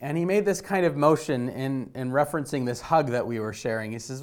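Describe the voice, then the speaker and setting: A middle-aged man preaching a sermon as a pastor, telling stories with swings between emphatic lines and hushed ones. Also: medium pitch, a little fast, hardly any pauses, clear, resonant tone.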